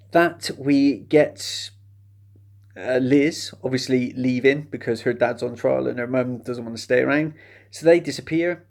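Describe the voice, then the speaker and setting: A man's voice: medium pitch, creaky, a little mellow. A man giving a casual, chatty spoken film review, sardonic and mocking the plot.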